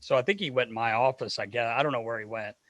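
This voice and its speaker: A man, a hockey equipment manager, telling a lively story as a podcast guest. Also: medium pitch, fast talker, no room sound, highs cut off. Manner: lively anecdotal storyteller acting out dialogue. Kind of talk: casual storytelling in a podcast interview.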